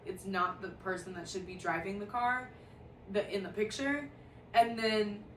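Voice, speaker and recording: A woman's voice: mid-range voice, slight background noise. A woman telling a personal story in a casual, profane, blunt way, with lots of "like". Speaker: storyteller vlogger. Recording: echoey room, mic a bit far off.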